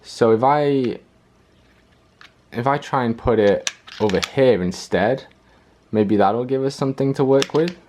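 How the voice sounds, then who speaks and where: A man's voice: medium pitch, a little slow, pauses often, a little mellow, slight background noise. A young man hosting his own video, thinking aloud as he works through a puzzle, hesitant and full of fillers. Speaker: puzzle-solving video host.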